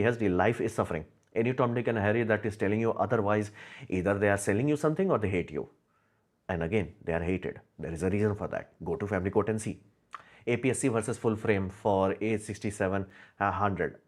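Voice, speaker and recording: A young man hosting a casual livestream chat, musing aloud with lots of fillers. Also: lowish voice. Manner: rambling, musing, frequent fillers and laughs. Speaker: livestream host. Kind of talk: casual live chat answering viewers.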